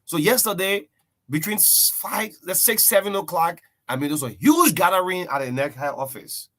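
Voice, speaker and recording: A male breakfast-show host chats loosely about current events, drifting between points and dropping in "yeah" and "man". His voice sits a little on the high side. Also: expressive, moderate pace, a bit bright. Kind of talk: casual political talk.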